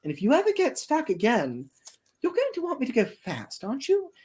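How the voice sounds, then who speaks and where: A storyteller doing a small female vehicle from a spoken story, high-pitched and soft. She is timid and hesitant, yet clever enough to turn the tables. Her voice is raised and light, with lively rises and falls. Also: a little fast. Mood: teasing.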